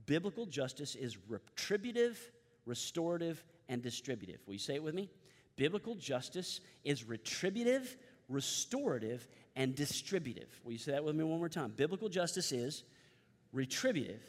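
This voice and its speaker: A man's voice: medium pitch, long reverb tail. A pastor preaching a sermon to his congregation, emphatic and repeating key phrases as he leads them in recitation.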